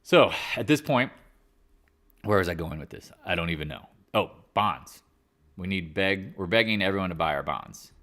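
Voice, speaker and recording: Deep-voiced man rambling through market talk. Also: lively intonation, moderate pace, sharp tone. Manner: rambling, wandering off on tangents; loose, slangy. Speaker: host of a live market chat. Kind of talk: casual livestream market commentary.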